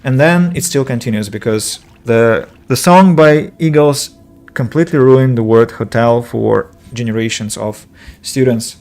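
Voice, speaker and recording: A man's voice: medium pitch, measured pace, darkish tone, faint music behind. A man streaming a video game and chatting casually, a rambling, self-correcting talker who answers viewers' comments aloud. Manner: self-correcting, filler-heavy. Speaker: game streamer and English teacher. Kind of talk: casual let's-play commentary.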